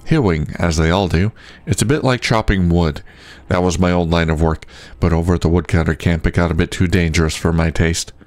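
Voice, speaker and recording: A man's voice: low-pitched, steady tone, brisk, darkish tone, dry recording, lightly acted. A man voicing a friendly male miner who used to be a cook, reading his lines in a plain, easygoing way.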